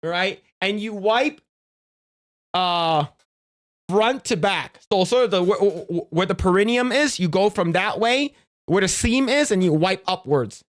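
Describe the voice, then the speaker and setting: A man's voice: sits high, lively intonation, measured pace. A man live-streaming in casual chat, crude and profane, rambling with restarts in a jokey instructional tone.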